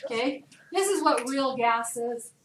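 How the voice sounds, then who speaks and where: A woman's voice: sits high, a little slow. Woman chemistry teacher, chatty classroom lecturer who quizzes students; distant mic with room echo. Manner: lively, chatty, asks the class questions. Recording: echoey room, distant, noisy.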